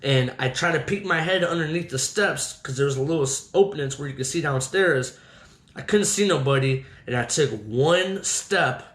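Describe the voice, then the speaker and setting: A man's voice: fairly high pitch, echoey room, poor audio. Swearing man telling a wild story. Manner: heavy swearing, animated retelling. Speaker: podcast host telling his own story. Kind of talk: casual storytelling.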